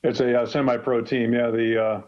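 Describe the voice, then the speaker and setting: A man's voice: medium pitch, flat delivery, a little fast. A man in his sixties, a head football coach from Western Pennsylvania, chatting casually on a radio show with a rambling, folksy manner full of fillers. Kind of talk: casual radio call-in chat. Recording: dull lo-fi radio broadcast sound.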